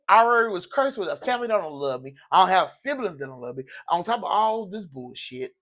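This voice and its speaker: A man's voice: high voice, fairly bright tone. A man giving a casual tarot reading in an emotional, preachy way, often repeating phrases. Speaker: tarot reader.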